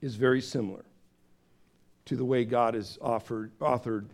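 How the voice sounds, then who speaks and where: A man preaching a sermon in a conversational, storytelling way, acting out voices with big swings of pitch. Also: fairly even intonation, moderate pace. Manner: conversational, with fillers and restarts. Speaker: pastor.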